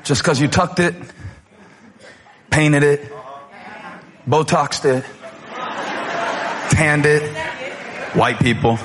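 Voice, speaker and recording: A man preaching a sermon as pastor, animated, moving between loud passages and quiet ones. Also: on the high side, very slow, long pauses, a crowd in the background.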